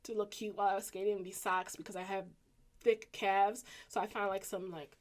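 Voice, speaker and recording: A woman in her thirties with a Southern US accent, telling a personal story casually to her viewers and acting out the people in it. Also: moderate pace. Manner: animated, acts out quoted voices with pitch jumps. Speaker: vlogger.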